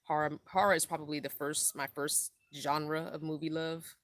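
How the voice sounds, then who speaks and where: A woman's voice: low voice, level tone, moderate pace, no echo. A middle-aged woman hosting a casual live stream, tired from lack of sleep, rambling laid-back and reading viewer comments aloud. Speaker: van-life vlogger hosting a live stream.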